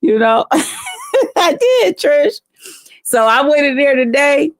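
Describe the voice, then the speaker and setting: A woman's voice: high voice, very animated, slow, no room sound, studio quality. A woman vlogging to camera, telling stories bluntly and with plenty of swearing while chatting with live viewers. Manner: blunt, salty, talks straight to viewers. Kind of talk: casual profane storytelling to camera.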